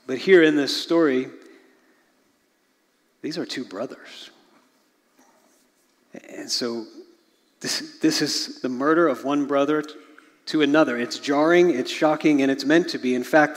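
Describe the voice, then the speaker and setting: A middle-aged man preaching a sermon as pastor, earnest, often sinking to a hushed low voice at the ends of phrases. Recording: long reverb of a large hall.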